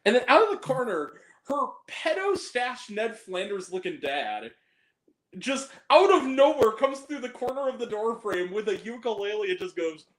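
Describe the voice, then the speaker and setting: A man's voice: extremely high pitch, sing-song, moderate pace, fairly bright tone. A man reviewing a film on a podcast in casual chat, swearing freely and often breaking into laughter. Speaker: podcast guest. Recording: roomy echo.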